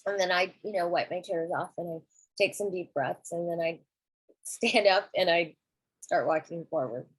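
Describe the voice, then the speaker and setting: A middle-aged woman talking gently and reflectively about grief in a candid podcast conversation, with a husky voice. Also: fairly low pitch, moderate pace, no echo, poor audio. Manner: gentle, reflective, soft-spoken.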